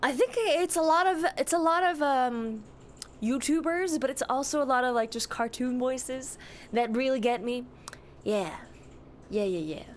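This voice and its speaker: A woman's voice: high voice, unhurried, slight background noise. A young woman streamer chatting casually, greeting and answering her chat with a giggly, easygoing manner.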